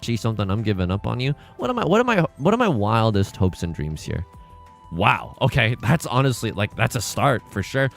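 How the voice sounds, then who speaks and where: Animated joking streamer man. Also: on the low side, fairly quick, vocal fry, soft background music. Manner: animated, jokey, bursts into sudden loud exclamations. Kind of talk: live-stream gameplay commentary.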